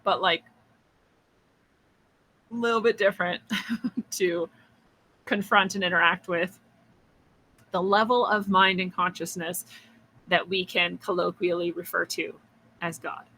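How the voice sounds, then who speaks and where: Bright-voiced woman telling a spiritual story. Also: on the low side, fairly even intonation, unhurried, pauses often, slight background noise, poor audio. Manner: musing, chatty, laughs often, many likes and restarts; acts out quoted voices. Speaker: podcast host.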